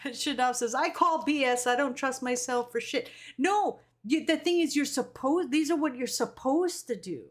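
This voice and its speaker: A woman streamer chatting casually on a live stream, reading viewer comments aloud and talking in an animated way with the odd swear. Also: high voice, moderate pace.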